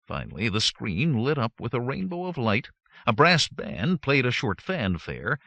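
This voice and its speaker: A man narrating a first-person audiobook with wry, lively storytelling on a close studio mic. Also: mid-range voice, unhurried, no echo, highs cut off.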